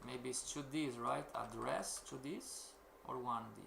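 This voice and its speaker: Male lecturer, non-native English, slow and deliberate, bright tense tone, rhetorical questioning style, echoey room with faint typing. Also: mid-range voice, gravelly, a little hiss or hum. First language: not English. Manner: asks rhetorical questions, keeps calling out "everybody". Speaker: trading course instructor. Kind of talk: live-streamed lecture.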